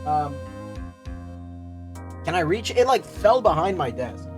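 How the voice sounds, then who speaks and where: A woman streamer chatting during a game, talking in big dramatic swings with a very lively pitch. She curses freely and laughs at herself, while faint music runs underneath. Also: slow pace. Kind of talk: casual live-stream chat.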